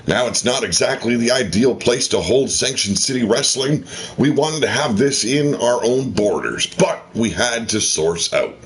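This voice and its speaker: A man hosting a wrestling video game show, in a theatrical ring-announcer delivery with swearing asides. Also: medium pitch. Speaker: host of a wrestling game channel.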